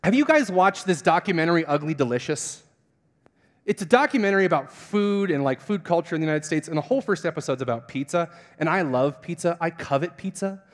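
A young man, a pastor, telling a funny self-mocking story in a sermon and acting out the voices with big jumps in pitch. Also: expressive, a little fast. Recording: long hall reverb.

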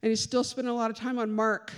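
A woman gives a church talk, a conversational sermon with personal testimony, chatty and self-deprecating with joking asides. Her voice is fairly high, clear and resonant, delivered fast and flat. A large hall's long reverb fills the recording.

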